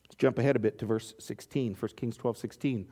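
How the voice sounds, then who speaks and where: A man's voice: medium pitch, steady tone, brisk, dark tone. A man preaching a sermon, reading scripture and acting out the quotes with joking asides. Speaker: pastor.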